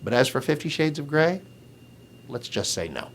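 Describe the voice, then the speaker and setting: A man, a radio talk show host, giving an opinion video blog monologue in a sarcastic, mocking way, swinging between loud scorn and low asides. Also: big pitch swings, moderate pace, vocal fry, a little hiss or hum.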